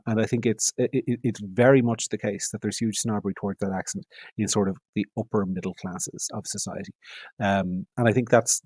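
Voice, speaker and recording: A man's voice: lowish voice, darkish tone, husky, no room sound. A middle-aged Irish man with an Irish accent, giving long, analytical answers as a podcast guest and repeating phrases for emphasis. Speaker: guest, media editor.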